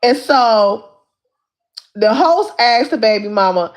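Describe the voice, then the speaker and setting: A woman hosting a casual livestream, retelling a story in an animated, repetitive way with lots of asides to her viewers. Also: a little high, moderate pace. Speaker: livestream host. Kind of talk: casual recap of a reality show.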